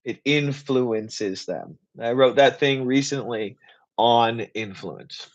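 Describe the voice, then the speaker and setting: Passionate man on a dull lo-fi stream. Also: mid-range voice. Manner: passionate, rapid, rambling. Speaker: political writer and activist host. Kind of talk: live Q and A stream.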